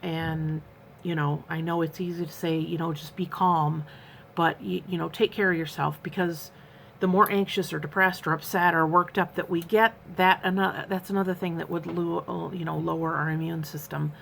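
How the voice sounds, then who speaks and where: An American woman in her fifties vlogs about personal matters in an earnest, rambling way, often using fillers and restarting sentences. Her low-leaning voice is creaky and level at a moderate pace, with a touch of hiss or hum.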